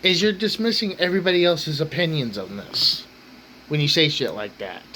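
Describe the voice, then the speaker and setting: A man's voice: a little high, moderate pace, sharp tone, a little hiss or hum, rough recording. A man hosting his own rant channel, talking bluntly and swearing constantly in an angry rant.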